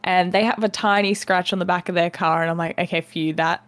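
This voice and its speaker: A woman's voice: fairly low pitch, fairly even intonation, fairly quick, a bit bright, no room sound. A young woman co-hosting a casual podcast, chatty, telling a story and acting out her own reactions, often laughing. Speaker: podcast co-host. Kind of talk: casual chat.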